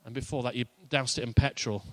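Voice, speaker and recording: Male pastor, mid-pitched voice, chatty and humorous, close and dry sound. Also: fairly even intonation, quick pace, a bit bright, dry recording. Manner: conversational and playful, with laughs and asides. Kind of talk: sermon.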